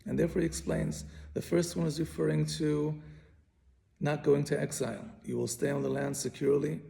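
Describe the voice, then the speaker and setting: Guy teaching torah, super gravelly, kinda mellow dark sound, keeps restarting phrases. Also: fairly high pitch, level tone, brisk. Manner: patient, repeats and restarts phrases while explaining. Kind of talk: explaining a Bible commentary.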